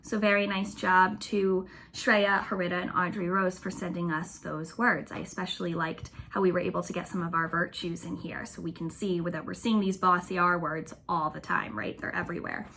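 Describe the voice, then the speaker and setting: A woman with a bright, lower-pitched voice leads a recorded remote lesson for young children. She talks in a cheerful, patient teacher's manner and stretches words out slowly so the kids can hear each sound. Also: flat delivery. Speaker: elementary school teacher.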